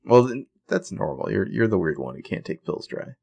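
A man co-hosting a podcast, recapping a TV episode in an animated, profane, opinionated way. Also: fairly low pitch, moderate pace, vocal fry, slightly rough, dull audio. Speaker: podcast co-host. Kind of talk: casual TV recap chat.

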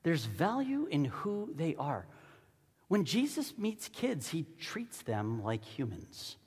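A man preaching a sermon as pastor, swinging between hushed asides and loud, fervent stretches. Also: on the high side, wildly swooping pitch, slow, husky. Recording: long reverb of a large hall.

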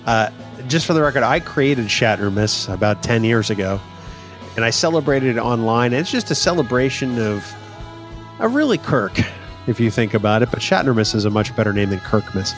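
A man's voice: medium pitch, expressive, moderate pace, faint music behind. A man co-hosting a podcast in casual chat, teasing his partner and laughing often. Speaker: podcast co-host.

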